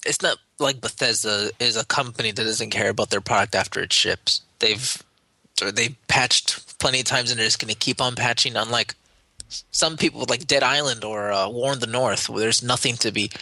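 A man with a very bright, forward voice chats loosely on a gaming podcast, circling back and restarting his sentences. The sound is close and dry. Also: mid-range voice, normal speed, no room sound. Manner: rambling, stumbles and restarts. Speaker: podcast co-host. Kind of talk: casual podcast chat.

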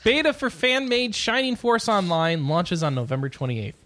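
A man hosting a casual podcast, chatty and quick to laugh while he runs through news items. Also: high voice, big pitch swings, a bit bright, no echo. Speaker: podcast host.

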